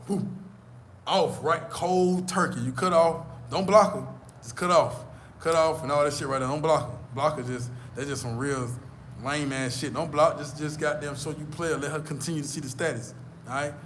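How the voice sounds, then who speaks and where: Brief: vlogger, emphatic and profane, a touch higher than usual, faint noise behind. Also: male voice, fairly bright tone. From United States. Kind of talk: casual storytelling rant.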